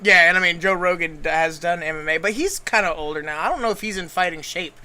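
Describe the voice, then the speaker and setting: A man's voice: sits high, fast, bright, forceful tone, clean tone. Young man joking in casual podcast banter. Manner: joking, laughing, crude banter. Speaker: podcast co-host. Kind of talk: casual comedic chat.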